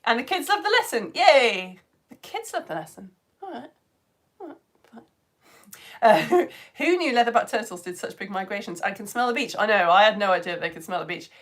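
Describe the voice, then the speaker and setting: Upbeat lady science teacher, lively sing-song voice, reading out viewer comments, lots of giggles. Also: medium pitch, brisk. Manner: bubbly, playful, laughs often. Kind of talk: live online lesson, chatty shout-outs.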